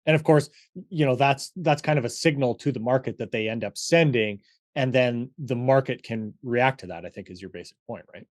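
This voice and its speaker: A man's voice: medium pitch, moderate pace. A man hosting an interview podcast, adding short affirmations and asking questions. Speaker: podcast host. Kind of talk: conversational interview.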